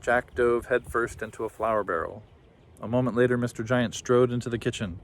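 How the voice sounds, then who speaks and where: A man's voice: medium pitch, fairly quick, slight background noise. Man reading a storybook aloud. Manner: lively, expressive narration. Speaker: reader.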